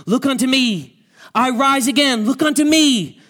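A man voicing a thin, gangly lay preacher who pleads loudly and keeps repeating himself with heavy emphasis. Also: very high-pitched, a little slow, pitched above the performer's own voice. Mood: pleading. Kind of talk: dramatic quoted preaching.

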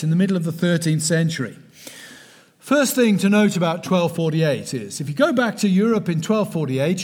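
A middle-aged man from the West Country of England with a West Country accent, giving a measured, emphatic sermon-style lecture that sinks to a hush on key words. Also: sits high. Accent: West Country English.

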